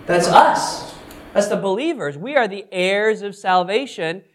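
A man's voice: sits high, lively intonation, unhurried, a little hiss or hum. Man teaching Bible study, chatty. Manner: conversational, asks the audience questions, self-deprecating asides. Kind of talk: casual interactive Bible teaching.

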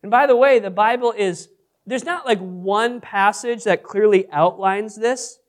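With a high, unhurried voice, a male pastor teaches a Bible study casually and interactively. He frequently puts questions to the group and makes self-deprecating remarks along the way.

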